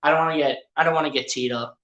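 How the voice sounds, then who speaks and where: A live sports streamer putting on a low, whiny voice to mock a grumbling male basketball player. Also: fairly even intonation, racing, fairly bright tone, echoey room, muffled recording, close to an everyday voice. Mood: sulking.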